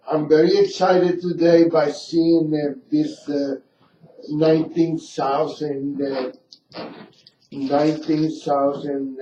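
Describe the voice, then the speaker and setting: Slow, rambling male radio host. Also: on the high side, noisy background. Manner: rambling, halting, full of filler pauses. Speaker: radio talk show host. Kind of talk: casual radio talk. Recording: roomy lo-fi radio studio mic from a distance.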